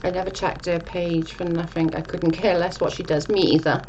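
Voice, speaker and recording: Lady rambling on a home livestream, bit low voiced, swears casually, faint hiss behind her. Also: little pitch movement, normal speed, darkish tone, highs cut off. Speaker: live stream host. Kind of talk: casual chat reading viewer comments.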